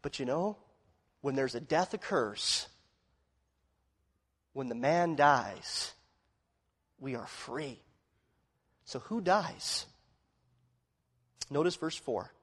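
A man preaching a sermon, dramatic and expressive, dropping to quiet asides and then rising to loud, emphatic declarations. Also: mid-range voice, extremely slow, pauses often, breathy edge, big-room sound. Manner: dramatic, swings from quiet to shouting.

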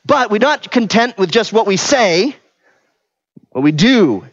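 A man's voice: sits high, very animated, measured pace, no echo. Man preaching, asking the room questions. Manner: conversational, asks the room questions, frequent "right?". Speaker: pastor. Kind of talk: interactive sermon teaching. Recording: dull, lo-fi sound.

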